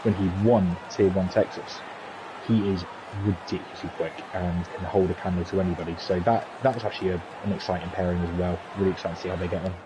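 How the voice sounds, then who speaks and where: A man with a low, steady voice talks quickly while hosting a racing league stream. Chatty and joking, full of fillers, he announces the team draw over a dull lo-fi stream mic with a little background noise.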